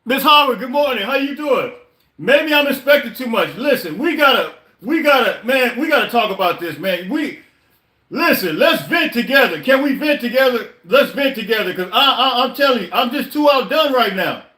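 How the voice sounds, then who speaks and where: A man's voice: very high voice, animated, moderate pace, sharp tone, roomy sound. A man hosting a live podcast stream, venting his frustration in a casual, repetitive way with many stammered restarts. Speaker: podcast host.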